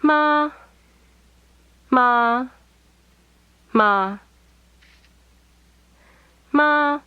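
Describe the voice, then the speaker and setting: Woman saying syllables super slow, bright smooth voice, kinda dull dry recording. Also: fairly high pitch, dry recording. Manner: carefully sung-out single syllables. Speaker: native speaker model. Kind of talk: slow pronunciation demonstration.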